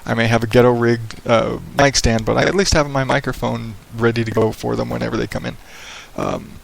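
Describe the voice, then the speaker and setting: A man talks on his own podcast in an easygoing, rambling way, swearing now and then, with a practiced radio-style delivery. His voice sits at an ordinary pitch and has a gravelly edge. He speaks into a headset mic in a small home office with hardwood floors that echoes. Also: fairly even intonation, fairly quick, a little hiss or hum. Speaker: podcast host. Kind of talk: casual solo podcast monologue. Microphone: headset microphone.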